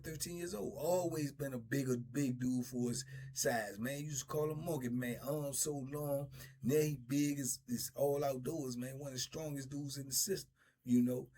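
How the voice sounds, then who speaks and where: Brief: husky middle-aged male host, relaxed drawling storyteller. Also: a little high, normal speed. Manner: laid-back, drawling, laughs often. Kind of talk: casual storytelling.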